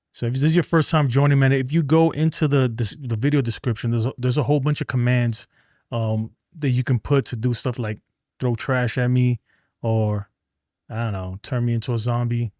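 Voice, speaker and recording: A man's voice: medium pitch, mellow, no room sound. Male livestream host, easygoing and talkative, mid-range voice, dry recording. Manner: laid-back and chatty, reads viewer comments aloud; addresses viewers as man and bro. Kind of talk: casual sports livestream chat.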